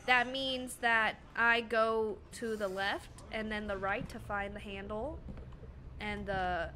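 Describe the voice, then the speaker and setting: A woman streaming a horror game, chatting excitably and giggling with her viewers. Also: medium pitch, slow, a little hiss or hum. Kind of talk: casual gameplay commentary.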